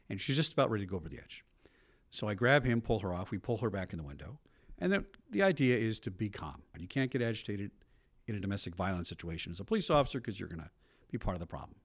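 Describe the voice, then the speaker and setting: Brief: middle-aged ex-cop, brisk storyteller, quick delivery, lowish voice. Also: male voice, no room sound, studio quality. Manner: brisk storytelling with frequent asides. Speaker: retired police officer. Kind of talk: documentary interview.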